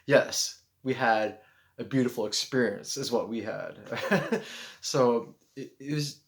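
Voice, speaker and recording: A man's voice: medium pitch, takes it slowly. A man vlogging spiritual thoughts to a handheld camera, talking in an earnest, rambling way full of "you know" fillers. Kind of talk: casual self-filmed monologue. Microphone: handheld camera mic.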